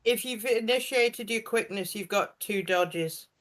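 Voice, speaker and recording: A man's voice: sits high, measured pace, a bit bright. A man at a tabletop game, chiming in with rules reminders. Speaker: player. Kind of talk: casual tabletop play.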